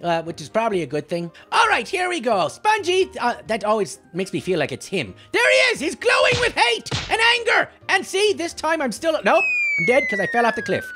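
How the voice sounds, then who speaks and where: A man voicing a clumsy, short-tempered male leprechaun with a put-on Irish accent, giving boastful, shouty commentary on a game. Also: extremely high pitch, huge pitch swings, a little fast, faint music behind, exaggerated voice. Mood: excitable. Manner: giddy, boastful, shouty taunting. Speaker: gameplay commentator.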